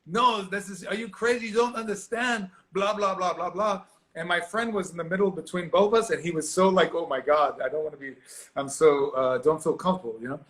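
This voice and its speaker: Man, fairly high voice, lively storyteller, acts out voices, video call. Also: fairly quick. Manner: animated, acts out quoted voices, laughs often. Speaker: actor guest. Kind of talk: storytelling interview.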